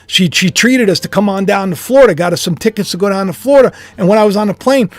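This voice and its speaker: A man with a notably high voice muses aloud in a casual, rambling vlog from home. He is self-deprecating and chuckles as he talks. The sound is close and dry. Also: quick pace, no echo, faint music behind. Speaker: YouTuber and author. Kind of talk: casual speculative monologue.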